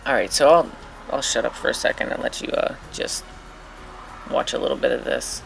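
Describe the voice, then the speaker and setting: A woman's voice: very deep voice, fairly even intonation, moderate pace, gravelly, soft background music. A woman chatting casually as she paints, rambling and self-mocking in her asides. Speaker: painting vlogger. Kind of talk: casual chat while painting.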